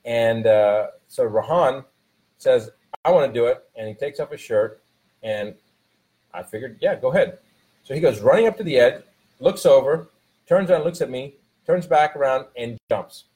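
A man in a casual motivational talk, telling a family story in a loose, rambling way full of restarts. His voice sits at an ordinary pitch, and he presses harder as he turns to advice for the listener. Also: lively intonation, normal speed, darkish tone, poor audio. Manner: rambling storytelling with many restarts, rising to emphatic coaching.

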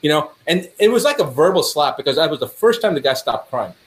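A man, a doctor, telling stories in conversation, acting out dialogue with a rising voice. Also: fast talker. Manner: animated, acts out dialogue with rising pitch. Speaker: doctor guest. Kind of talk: storytelling in conversation.

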